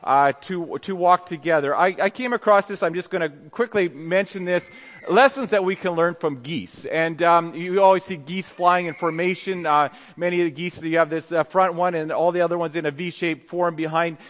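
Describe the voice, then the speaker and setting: A man preaching a sermon in a church, speaking haltingly with many fillers and restarts. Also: fairly high pitch, a bit bright. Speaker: pastor. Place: church sanctuary. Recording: long hall reverb.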